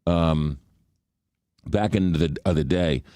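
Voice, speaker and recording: A man's voice: rumbling low, takes it slowly, warm tone, no echo, studio quality. A man hosting a radio talk show, chatting casually and rambling, with many fillers while he hunts for words. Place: radio studio.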